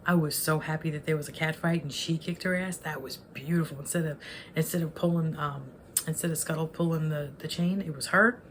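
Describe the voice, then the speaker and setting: A woman in her forties talks through a film review in an unscripted, meandering way, often stopping to rephrase herself. Her voice sits low for a woman. She speaks frankly about her feelings. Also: fairly even intonation, a little fast, slight background noise. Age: 40s. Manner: rambling and self-correcting, openly emotional. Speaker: online movie reviewer. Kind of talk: casual spoken film review.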